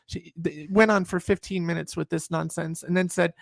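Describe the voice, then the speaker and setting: A woman in her fifties from upstate New York, a guest telling an animated, salty anecdote and acting out other people's lines. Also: lowish voice, normal speed, vocal fry, no echo. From Sullivan County, New York, USA. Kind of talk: anecdotal storytelling in a video chat.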